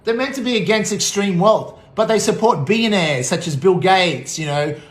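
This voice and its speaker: An Australian man delivering an angry political rant to camera. His talk is profane and combative, and he swings between shouting and muttering. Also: high-pitched, normal speed. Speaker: vlogger. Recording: echoey room.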